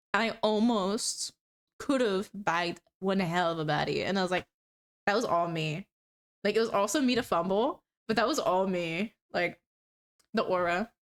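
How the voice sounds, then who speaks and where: A young woman in her twenties chatting casually on a live stream as she repairs a cosplay, rambling and laughing as she talks. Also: mid-range voice. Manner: giggly, rambling storyteller with frequent laughs and fillers. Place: home room while crafting. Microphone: streaming setup.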